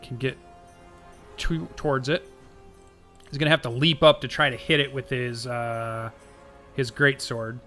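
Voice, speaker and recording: A man narrating as game master of a tabletop game, slow and halting, with many fillers. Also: mid-range voice, steady tone, sharp tone, faint music behind.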